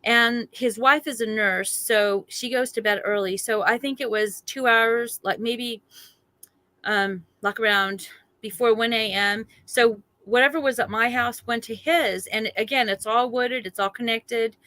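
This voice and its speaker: A chatty woman tells her story with real animation, slipping into the voices of the people in it. Her voice sits a little high and rings bright and forceful, and the recording is close and dry with no room around it. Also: a little slow, no room sound. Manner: chatty, lively, acts out other people's lines. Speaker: guest recounting a sighting.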